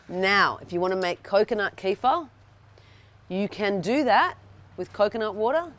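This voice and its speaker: A woman teaching a cooking workshop to a live group, chatty and checking in with the audience, often restarting her sentences. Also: on the low side. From Australia. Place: indoor workshop room with an audience.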